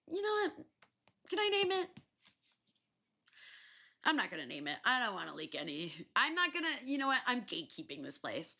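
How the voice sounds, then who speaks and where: A young adult woman hosting a podcast, telling stories in a loose, animated way, swearing freely and filling pauses with ums and likes. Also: mid-range voice. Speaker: podcast host. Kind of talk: casual solo storytelling.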